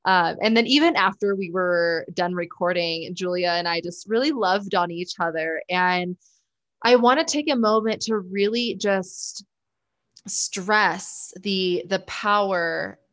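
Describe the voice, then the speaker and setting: A woman's voice: on the low side, unhurried, a bit bright. A woman hosting her podcast as a business coach, talking in a gushing, heartfelt, effusive way. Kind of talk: casual podcast intro.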